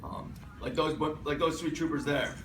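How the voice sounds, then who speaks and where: A man tells self-deprecating stories as a guest on a convention panel. His voice sits at an ordinary pitch and rings through a large, echoey hall. He is picked up from some distance by a handheld mic, with faint noise underneath. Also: fairly even intonation, moderate pace. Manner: joking, self-deprecating storyteller. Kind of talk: casual anecdote telling.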